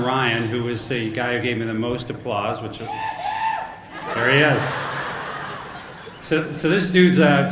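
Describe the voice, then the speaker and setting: Middle-aged guy doing a funny commencement speech, mid pitch, echoey hall with noise. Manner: joking storyteller, self-deprecating. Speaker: commencement speaker.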